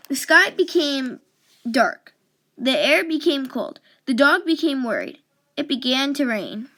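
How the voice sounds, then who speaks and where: A woman reads a children's storybook aloud in a high, light voice. She takes her time, unhurried and gentle, and gives each line expression. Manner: slow, gentle and expressive, voicing characters. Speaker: children's book reader. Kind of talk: read-aloud storybook narration.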